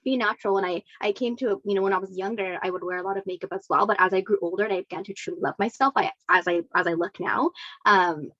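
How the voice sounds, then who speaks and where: A woman of middling pitch speaks in a casual interview, rambling with plenty of "like" and "you know" and warmly agreeing. Her audio is muffled and lo-fi, with no room sound at all. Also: fairly even intonation, quick pace, dry recording. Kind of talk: casual video-call interview. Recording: dull, dry lo-fi audio.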